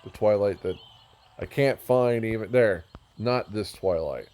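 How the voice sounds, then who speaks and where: Low-voiced guy rambling thru a game tour, goofy and sidetracked, little bit of hiss. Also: measured pace, darkish tone. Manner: rambling, self-mocking, easily sidetracked. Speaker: gamer touring a build. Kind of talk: casual game commentary.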